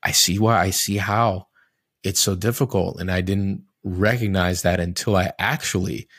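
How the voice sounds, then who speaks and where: A man's voice: sits low, steady tone, normal speed, fairly bright tone, husky, no echo, studio quality. A man in a casual conversation, talking in a reflective, candid way, restarting his sentences often as he searches for words and swearing casually now and then.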